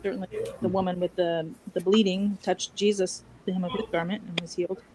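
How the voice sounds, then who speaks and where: A woman's voice: lowish voice, level tone, brisk, noisy background. A woman taking part in a casual group Bible study, thoughtfully drawing connections between passages.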